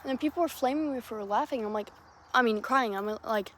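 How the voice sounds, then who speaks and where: A young woman hosting her own podcast, telling a story casually, rambling and swearing, with many restarts, swinging between loud and hushed. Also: on the high side, brisk, slight background noise. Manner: lively, jumping from loud to hushed. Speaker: podcast host.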